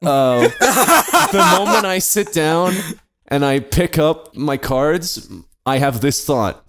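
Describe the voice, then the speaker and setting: A young man tells a funny story on a comedy podcast, his pitch swinging widely as he goes. He talks casually and swears freely, and he often breaks into laughter. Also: expressive, takes it slowly, fairly bright tone. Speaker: podcast co-host telling a story.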